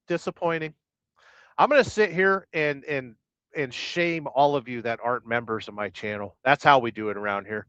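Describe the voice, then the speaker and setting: A man's voice: medium pitch, normal speed, a bit bright, smooth, no room sound, muffled recording. A man hosting a casual live stream as a truck driver, joking and rambling as he reads viewers' comments aloud from his truck. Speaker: livestream host, truck driver. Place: truck, waiting to unload.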